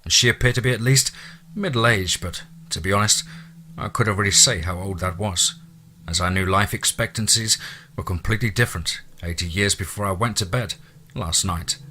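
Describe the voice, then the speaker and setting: A man narrating a first-person story in a measured way, dropping to hushed tones at eerie moments. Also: fairly low pitch, a little hiss or hum.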